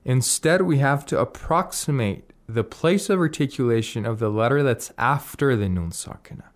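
A man's voice: mid-range voice, expressive, moderate pace. A man patiently explaining Arabic pronunciation rules on a radio lesson, reciting short Arabic phrases as examples. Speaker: Quran recitation teacher.

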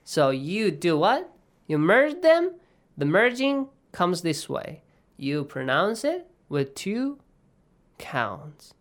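A man's voice: high voice, big pitch swings, slow, a bit bright. A man teaching Quran recitation rules, patiently quizzing his students by name and slipping into recitation. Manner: switches into Arabic recitation. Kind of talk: online tajweed lesson.

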